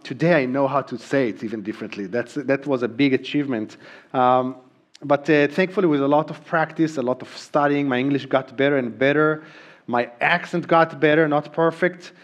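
A middle-aged man from Israel, a native Hebrew speaker with an Israeli accent, preaching a sermon in an earnest way with frequent ums and restarts. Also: fairly high pitch. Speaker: pastor.

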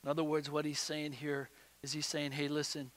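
A pastor preaching in a bright, forceful voice that carries a long hall reverb. He swings between loud emphatic bursts and quiet, low asides. His voice sits high for a man. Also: completely flat delivery, fairly quick. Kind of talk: sermon.

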